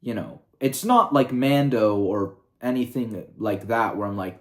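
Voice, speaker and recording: A man's voice: on the low side, expressive, unhurried, hardly any pauses. A man talking in a casual review vlog, rambling and swearing freely, with lots of "like" and "you know" fillers. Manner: rambling and profane, heavy with fillers. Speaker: video reviewer.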